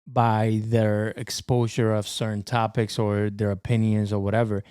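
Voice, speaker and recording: A man's voice: fairly low pitch, level tone, normal speed, a little mellow, clean tone, dry recording, studio quality. A young man co-hosting a podcast in casual, slangy chat, laughing often. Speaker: podcast co-host.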